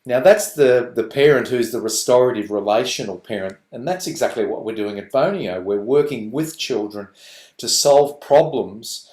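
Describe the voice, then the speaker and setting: Animated man in an echoey room. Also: mid-range voice. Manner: animated, acts out parents and children in quick voices. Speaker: parenting workshop presenter. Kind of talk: lively talk to parents on a video call.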